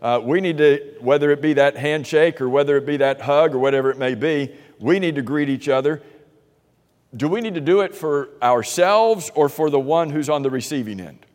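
A man's voice: a little high, a little fast, hardly any pauses, darkish tone, in a large hall. A man preaching a conversational sermon to his congregation, asking them questions as he goes. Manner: conversational, asks the congregation questions, many restarts. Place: church sanctuary.

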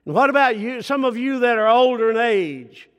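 An older man preaching a sermon, slow and emphatic, dropping to soft near-whispers and asking the congregation rhetorical questions. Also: very high-pitched, lively intonation, clean tone. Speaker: pastor. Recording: reverberant hall.

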